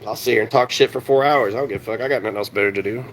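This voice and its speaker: A man's voice: medium pitch, rapid-fire, slight background noise. A man ranting on a live stream, heated and sarcastic, swearing constantly and answering his chat. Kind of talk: profane live-stream rant.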